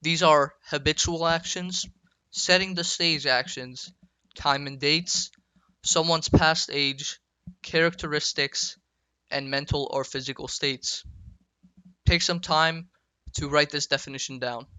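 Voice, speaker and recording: A man giving a school-style grammar lecture, spelling out verb endings slowly and telling viewers to write them down. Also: a little high, steady tone, bright, forceful tone, smooth, no echo, poor audio. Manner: slow, deliberate, spells out endings, asks viewers to take notes. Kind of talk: student-made lecture video.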